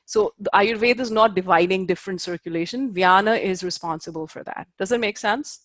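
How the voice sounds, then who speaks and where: A woman's voice: medium pitch, fairly quick, a bit bright, no echo. Woman teaching in a dry, close voice. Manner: explains patiently, with fillers, checking understanding; careful over Sanskrit pronunciation. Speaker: Ayurveda teacher. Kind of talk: lecturing a class.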